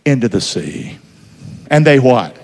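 A man's voice: medium pitch, a little slow, vocal fry. A man preaching a sermon in church, casual and conversational, peppering the congregation with questions. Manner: lively, conversational preaching with call-and-response questions. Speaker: pastor. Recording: long hall reverb.

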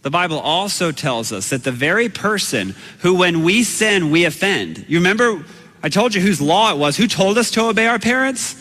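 A high, bright-voiced man preaching in a lively, bouncing way. He tells his sermon as a story and acts out his own shouts, with a long hall reverb trailing each line. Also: moderate pace.

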